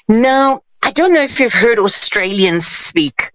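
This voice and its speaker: A woman's voice: a little high, sing-song, unhurried, hardly any pauses, low-quality recording. A woman, a life coach giving emphatic, playful advice on a radio show. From South Africa. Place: radio studio.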